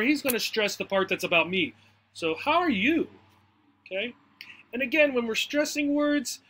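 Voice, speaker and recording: A man's voice: high voice, pushed and bright. A man teaching English, walking through a textbook dialogue in a chatty way and often checking in with "right?" and "okay?".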